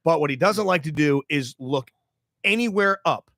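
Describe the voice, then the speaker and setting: Animated storytelling man, higher voice. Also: normal speed, no room sound, clean studio sound. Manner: animated, acts out voices and shouts in his stories. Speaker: podcast co-host. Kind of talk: casual comedic storytelling.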